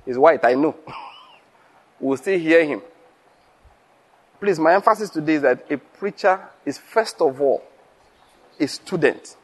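A man preaching to other pastors. His voice sits a little high and swings widely as he acts out dialogue, laughs and drives home his points. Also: unhurried, pauses often. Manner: lively storytelling, acts out dialogue, laughs often. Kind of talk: sermon to fellow preachers.

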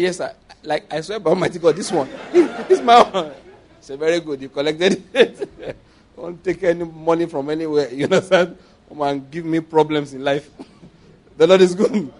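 A Nigerian man preaches in a fairly high voice. He is playful and middle-aged, and he slips into acted-out dialogue as he makes his points. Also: darkish tone. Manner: playful, acts out dialogue, laughs often. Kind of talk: sermon with acted-out stories.

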